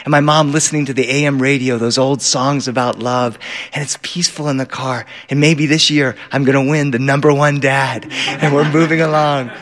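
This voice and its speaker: A middle-aged man telling a story live, animated, acting out voices and bursting into shouts. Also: medium pitch, moderate pace. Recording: live hall reverb.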